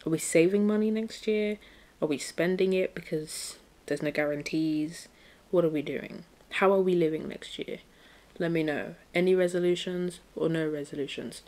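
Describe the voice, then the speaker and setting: A woman's voice: fairly low pitch, steady tone, normal speed, darkish tone. A young woman hosting a casual solo podcast, chatty and playful, dropping slang and breaking into bits of song. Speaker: podcast host.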